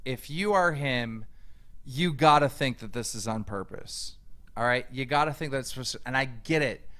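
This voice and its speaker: In a mid-range voice and at a moderate pace, a man reacts furiously to a clip online. He mocks it, swears, and shouts back his rebuttals.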